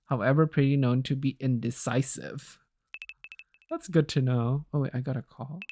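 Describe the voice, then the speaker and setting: A woman streaming a cozy game, chatting in relaxed, casual asides with plenty of fillers. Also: a bass voice, normal speed, soft background music.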